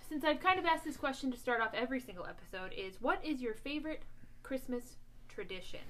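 Young woman, podcast host, high voice, giggly, rambling chat at home. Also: fairly bright tone, slight background noise. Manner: giggly, jokey, rambling with many fillers. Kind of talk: casual family podcast chat. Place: family home.

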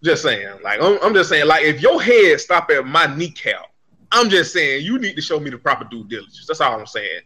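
Bright-voiced, animated man chatting. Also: on the high side, fairly quick. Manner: animated, profane, laughing storyteller. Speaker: podcast co-host. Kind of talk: casual chat.

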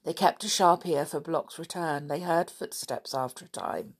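A woman reads a children's adventure aloud in a steady, expressive manner. Her voice sits a little low for a woman. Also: moderate pace, husky. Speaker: storyteller. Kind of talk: reading a children's book aloud.

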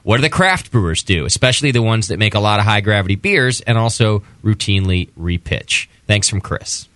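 A man reading out a listener's question on a podcast in a plain, steady way. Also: lowish voice, fairly quick, no echo. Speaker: show producer reading questions.

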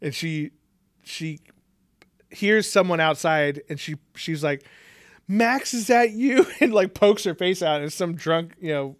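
Man co-host, slightly high voice, dry mic, swears a lot, jokes and mimics characters while chatting about a movie. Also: dry recording. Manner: joking, profane, does quick voices. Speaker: podcast co-host. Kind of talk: casual movie chat.

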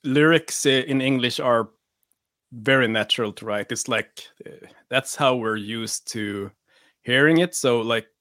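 A man from Sweden with a Swedish accent talks as a guest musician, wry and self-mocking. His voice is mid-pitched and recorded dry. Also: a little slow, pushed and bright, no room sound. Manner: wry, self-deprecating, laughs often. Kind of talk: casual interview chat.

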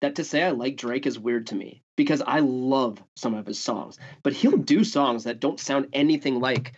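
A man's voice: mid-range voice, normal speed, a little mellow, breathy edge. Profane man telling stories, lo-fi. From Canada. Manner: loose and profane, heavy on "like" and "dude". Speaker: guest musician. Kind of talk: casual storytelling. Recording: dull lo-fi sound.

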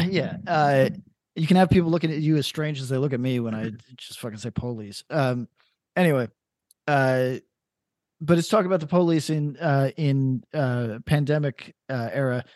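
Casual, loose banter comes from this male podcast co-host, who swears frequently and doesn't soften his opinions. He speaks at a moderate pace in a medium-pitched, slightly dark voice, recorded cleanly in a studio with no room sound.

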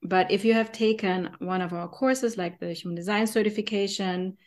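A woman's voice: medium pitch, moderate pace. A woman with a German accent, hosting a podcast in casual, enthusiastic chat with frequent fillers. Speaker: podcast host.

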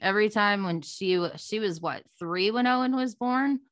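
A woman hosting a casual podcast, telling stories in an animated, blunt way and swearing freely. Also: medium pitch, moderate pace, dry recording.

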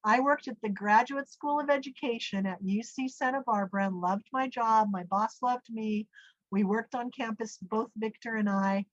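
A middle-aged woman telling a personal story in a lively way, acting out the voices she quotes. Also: fairly high pitch, normal speed, dry recording. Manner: animated, acts out quoted speech. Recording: dull, dry lo-fi sound.

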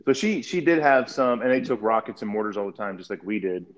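A man's voice: on the low side, expressive, fast talker. A man who is an army veteran, chatting casually on a podcast, rambling and swearing with lots of fillers. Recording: muffled lo-fi audio.

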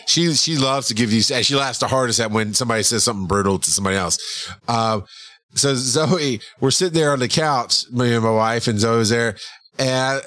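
A middle-aged man co-hosting a podcast, telling family stories in an animated storyteller's way. His voice swings up and down a great deal, and he often bursts into loud laughter. The recording is dry and close. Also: medium pitch, dry recording. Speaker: podcast co-host. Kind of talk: casual storytelling chat.

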